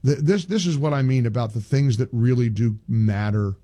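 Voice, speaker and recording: An older man hosting a talk radio show, talking emphatically and getting louder and higher as he rants. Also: moderate pace, no echo. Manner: animated, emphatic, rising pitch when ranting.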